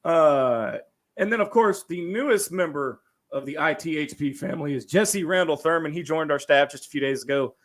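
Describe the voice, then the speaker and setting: A man hosting a casual sports podcast, jokey and animated as he reads out fan feedback. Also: on the high side, moderate pace. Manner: animated, jokey, hands off between topics.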